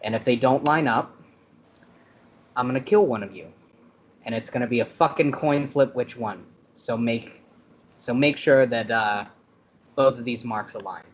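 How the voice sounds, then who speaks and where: Man voicing a calm, menacing adventurer, low-key in-character threats. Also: a little hiss or hum, natural voice. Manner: quiet, measured menace. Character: cold, threatening male adventurer interrogator.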